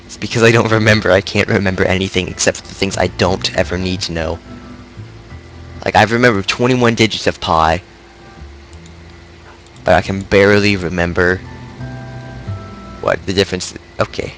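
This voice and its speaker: A man with a cold streams a video game, rambling and thinking aloud in casual let's-play commentary while poking fun at himself. His low, steady, fairly bright voice moves at normal speed with long pauses, over faint background music on a low-quality recording.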